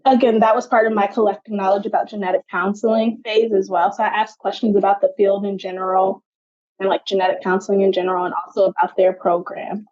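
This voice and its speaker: A woman's voice: mid-range voice, flat delivery, fast talker, darkish tone, highs cut off. A young adult woman, a genetic counselor, answering interview questions in a chatty way, often saying "like".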